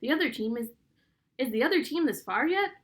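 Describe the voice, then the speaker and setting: A woman's voice: high voice, expressive, a little fast. A woman voicing a cheeky, joking kid teammate in a teasing, pushy manner.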